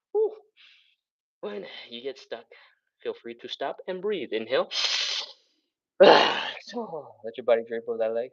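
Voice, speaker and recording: A man's voice: mid-range voice, muffled recording. A man leading a live stretching workout, giving upbeat cues, counting down and breathing audibly as he stretches along. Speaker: stretching instructor.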